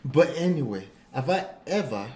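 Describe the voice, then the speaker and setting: A man co-hosts a marriage talk in a casual, back-and-forth way, often interrupting his partner. His pitch moves a lot, rising and falling as he makes a point. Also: normal speed, over a noisy crowd. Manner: animated, interrupts with repeated "wait". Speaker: marriage coach co-host. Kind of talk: casual couple's livestream talk.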